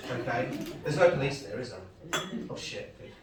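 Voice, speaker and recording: A man's voice: medium pitch, very animated, moderate pace, very noisy. A middle-aged man performing a chatty stand-up set in a pub, bantering with the crowd. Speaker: stand-up comedian. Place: pub gig room. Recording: echoey pub room, distant mic.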